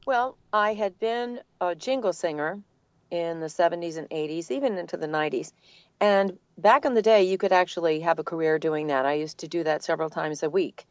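An older woman, a voice actor, telling her story in a relaxed, articulate interview manner with a neutral accent. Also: fairly low pitch, a little fast, no room sound, muffled recording. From Boston area, United States. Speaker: guest, voice actor. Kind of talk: conversational interview.

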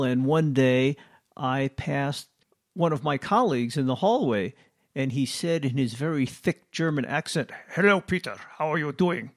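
A man co-hosting a show, telling relaxed, wry stories in casual chat. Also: mid-range voice, no room sound, studio quality. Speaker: co-host.

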